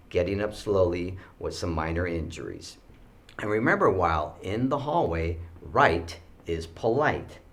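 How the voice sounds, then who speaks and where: A man teaching students school rules with animated storytelling, acting out the kids' voices. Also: on the low side.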